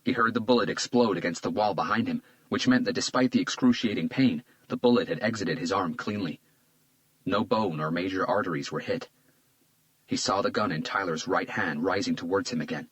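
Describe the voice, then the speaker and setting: A man reads a crime thriller aloud in a very deep, low voice. His delivery is measured and tense, steady through the action. He voices the lead detective in his own register. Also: dry recording, low-quality recording. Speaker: audiobook narrator. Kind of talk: scripted thriller narration.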